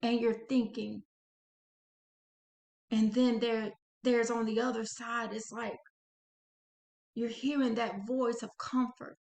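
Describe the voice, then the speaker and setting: A woman hosting an inspirational channel, narrating a guided visualization slowly and dramatically, speaking to the listener as "you". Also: a little high, fairly even intonation, vocal fry, a little mellow. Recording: echoey room.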